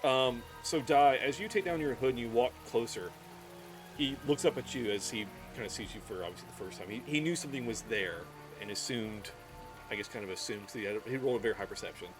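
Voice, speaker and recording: A man narrating a tabletop game as game master and speaking for its characters in a quiet, measured way. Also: medium pitch, music in the background.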